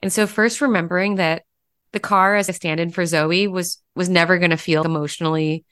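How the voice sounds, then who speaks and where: A woman's voice: fairly low pitch, fairly even intonation, a little fast, fairly bright tone, clean tone. A woman podcast host coaching her guest through a conversation, reassuring, and she laughs often.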